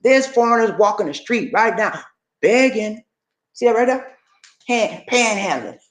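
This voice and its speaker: A man's voice: high voice, animated, unhurried. Guy from georgia, talking straight with his stream, kinda preachy, echoey room. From Georgia, USA. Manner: blunt, preachy, colloquial. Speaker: livestream host. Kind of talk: casual livestream chat.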